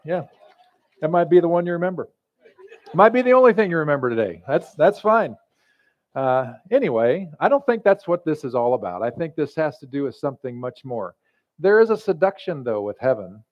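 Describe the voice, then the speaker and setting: A man's voice: on the high side, sing-song, a little fast. A male pastor giving a sermon in a conversational, joking storytelling manner, in a slightly muffled recording.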